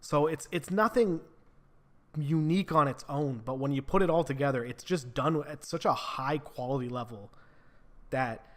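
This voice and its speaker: A man's voice: on the high side, normal speed. A man giving a casual spoken book review, retelling the plot with frequent swearing and lots of filler words.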